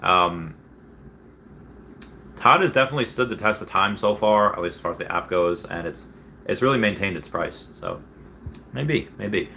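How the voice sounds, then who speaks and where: A man's voice: low-pitched, expressive, moderate pace, pauses often, sharp tone, a little hiss or hum. A young man casually chatting on a livestream, rambling with many fillers as he reads chat messages and reacts. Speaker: streamer reading chat.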